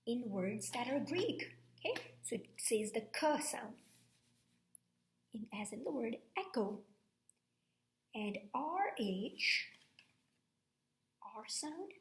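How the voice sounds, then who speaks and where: A woman teacher giving a slow, patient phonics lesson, checking in with "okay?" and repeating each sound. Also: a little high, reverberant.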